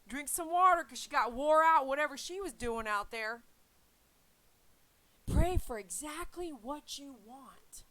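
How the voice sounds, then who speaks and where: A dog groomer who hosts her own channel talks casually and earnestly to viewers about faith, rambling and repeating herself. Her voice sits high with lively intonation and a fairly bright tone, and she speaks unhurriedly. The recording quality is low.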